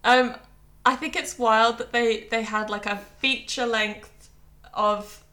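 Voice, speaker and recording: A woman co-hosting a podcast, chatting casually, giggling and quoting people in animated asides. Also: a little high, slow pace. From Britain. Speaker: podcast co-host. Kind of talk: casual chat.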